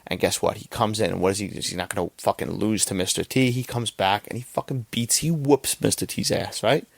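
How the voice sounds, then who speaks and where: A man's voice: on the low side, fast, vocal fry, dry recording. A young man hosting a podcast, giving a rambling, profane casual movie review and often checking in with "right?". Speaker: podcast host.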